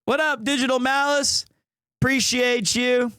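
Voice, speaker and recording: Male streamer, high voice, dry close sound, lively storyteller who mixes in Japanese phrases. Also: unhurried, no echo. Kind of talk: casual live-stream chat.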